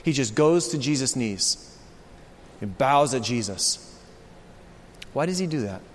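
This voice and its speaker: A man preaching a sermon as pastor, swinging from hushed, low passages to loud, excited ones. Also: unhurried, a little hiss or hum. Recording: long reverb of a large hall.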